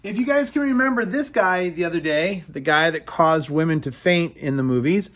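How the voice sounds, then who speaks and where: A man teaching a recorded history lesson to his students, talking haltingly with many fillers and repeating his sentences. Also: fairly high pitch, fairly bright tone.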